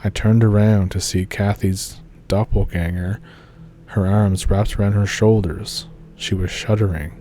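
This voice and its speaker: Low, flat-voiced man narrating horror. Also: a little slow, slight background noise. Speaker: storyteller. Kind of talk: scripted horror story narration.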